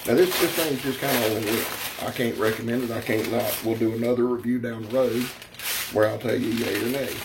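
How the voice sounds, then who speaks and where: A man's voice: mid-range voice, brisk, very noisy. A man giving a rambling, folksy, brash product review, talking straight to his viewers. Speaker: knife reviewer.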